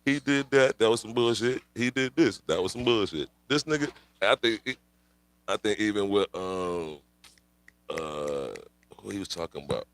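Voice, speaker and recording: A livestream host with a lowish, fairly bright voice rants casually at a moderate pace, rambling through profane slang and laughing often. The recording is dry.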